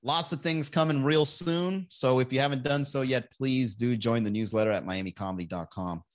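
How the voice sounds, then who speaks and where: A man's voice: medium pitch, moderate pace. A man hosting a comedy podcast, chatting casually and reading viewer comments, profane and sarcastic, often laughing at his own jokes.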